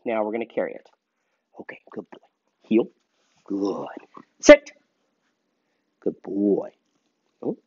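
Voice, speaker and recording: Lively-voiced male dog trainer, dull dry recording. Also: dry recording. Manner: relaxed explaining, broken by sharp high commands to the dog. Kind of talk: hands-on training demonstration.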